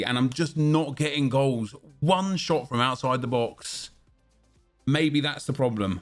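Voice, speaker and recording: A man hosting a gaming video, commentating live on his own play in an exasperated way, repeating himself and swearing. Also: medium pitch.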